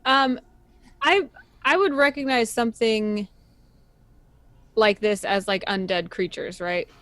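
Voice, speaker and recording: A woman's voice: on the high side, slow, fairly bright tone, no room sound. A woman playing a tabletop game, speaking hesitantly and asking questions as she goes. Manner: hesitant, asks questions, trails off. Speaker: player.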